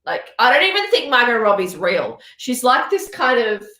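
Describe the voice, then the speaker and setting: A woman's voice: on the high side, sing-song, normal speed, sharp tone. A woman hosting a casual chat show, musing aloud in a chatty way. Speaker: host. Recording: roomy echo.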